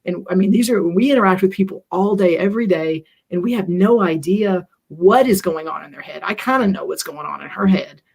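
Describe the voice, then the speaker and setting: Middle-aged co-host, mid pitch, rambling and earnest, pokes fun at themself. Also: fairly quick, gravelly, hardly any pauses, husky. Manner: earnest, self-deprecating, rambling with fillers. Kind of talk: reflective conversational talk.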